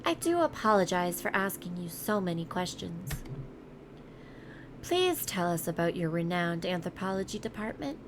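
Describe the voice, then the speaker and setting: A woman's voice: on the low side, expressive, moderate pace, soft background music, close to an everyday voice. A woman doing an eager, polite schoolgirl. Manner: polite, a bit over-eager. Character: eager young female high-school student, polite.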